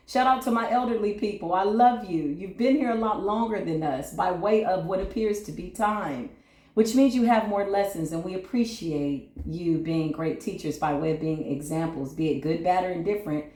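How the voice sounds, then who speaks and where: A woman's voice: fairly low pitch, moderate pace, warm tone, reverberant. A woman giving a tarot reading on her channel, soothing and repetitive, often checking in with "right?". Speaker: tarot reader.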